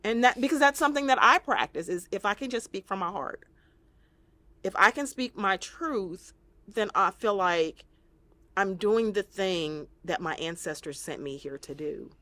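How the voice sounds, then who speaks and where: A woman's voice: mid-range voice, expressive, moderate pace, pushed and bright, no echo. A woman therapist guesting on an interview, talking earnestly and reflectively and sometimes acting out the voices she quotes. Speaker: trauma-focused therapist, guest.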